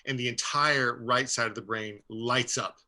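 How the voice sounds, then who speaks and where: A man's voice: medium pitch, steady tone, normal speed, bright, forceful tone. A man on a radio interview, telling a story in a rambling way with many fillers and restarts. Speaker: guest. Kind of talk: conversational storytelling.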